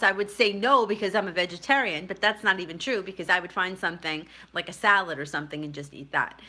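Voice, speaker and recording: Woman, middle-aged, vlogger, chatty storytelling, self-mocking laughs, bright forceful voice. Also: lowish voice. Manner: chatty, rambling, laughs at herself. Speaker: tarot reader and spiritual vlogger. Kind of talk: casual personal storytelling to camera.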